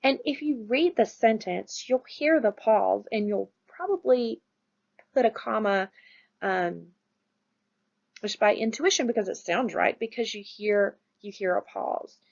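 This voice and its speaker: A woman teaching a grammar lesson, patient and steady, who keeps checking in with her class as she explains. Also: mid-range voice, measured pace, gravelly, muffled recording. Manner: patient, checks in with "right?" and "all right?".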